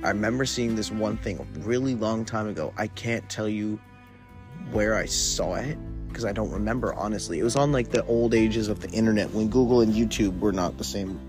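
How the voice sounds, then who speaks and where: A young, low-voiced man rambles through his own podcast while high on weed, drifting loosely from thought to thought. The solo monologue is laid-back and casual, crammed with filler words, delivered at a brisk clip over faint background music.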